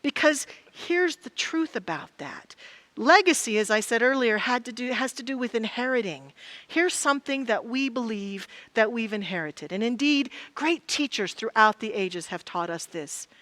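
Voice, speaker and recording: Higher-voiced woman giving a sermon. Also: expressive, normal speed, no echo. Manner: reflective, quotes song lyrics softly. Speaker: minister. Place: church sanctuary.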